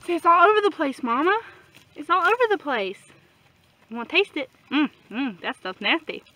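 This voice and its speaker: A woman's voice: high voice, big pitch swings, moderate pace, sharp tone. A woman homestead vlogger chatting casually outdoors in a pasture, cooing in baby talk to her goats and calling them in. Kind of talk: casual farm vlog chat.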